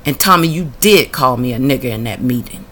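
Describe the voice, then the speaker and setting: Reading out papers from her housing case, a woman fires back at them with blunt indignation as she tells her own story as the tenant. She has a very deep but slightly bright voice, expressive and fairly quick.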